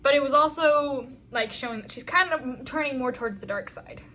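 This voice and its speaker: A woman's voice: high-pitched, brisk, pushed and bright, slight background noise. A woman reviewing a TV episode in a casual chat, enthusiastic and rambling, with lots of "um" and "like". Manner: enthusiastic, rambling, heavy use of fillers. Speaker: fan video reviewer.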